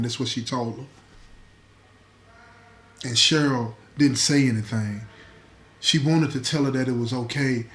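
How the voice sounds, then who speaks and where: A man narrating a dramatic true-life story in a conversational way, with asides to the listener. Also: mid-range voice. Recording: echoey room.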